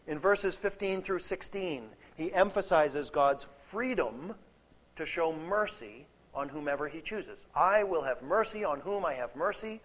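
A man's voice: fairly high pitch, animated, measured pace, a bit bright, low-quality recording. A man giving an expository Bible teaching in a conversational way, repeating key words for emphasis and checking in with his listeners. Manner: conversational, checks in with "okay?" and "right?".

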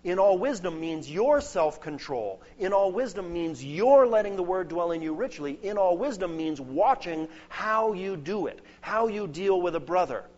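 A man's voice: sits high, animated, normal speed, few pauses, darkish tone. A man preaching a sermon, earnest and emphatic, building points through lists. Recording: dull lo-fi sound.

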